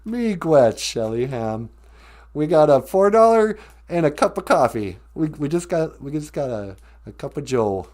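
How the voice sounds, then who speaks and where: Guy chatting on his live stream, swoopy animated voice, jokey storyteller. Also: on the high side, measured pace. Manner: animated storytelling with laughs and put-on quotes. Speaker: host. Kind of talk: casual live stream chat.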